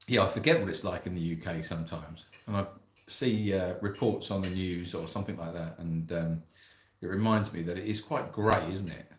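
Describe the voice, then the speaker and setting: A man's voice: low-pitched, normal speed. Chatty man reading out greetings. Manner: chatty, jokey, reads out viewer greetings. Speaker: sanctuary co-host reading live chat. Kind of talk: casual live-stream chat. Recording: roomy echo.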